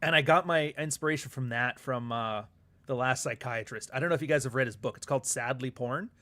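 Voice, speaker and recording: A man's voice: medium pitch, brisk, pushed and bright. A man hosts a loose, rambling livestream chat with a mid-range voice. He swears freely and drifts between topics, breaking into laughter and reading out viewer comments as he goes. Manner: rambling and profane, with frequent laughs; reads viewer comments aloud. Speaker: author and livestream host.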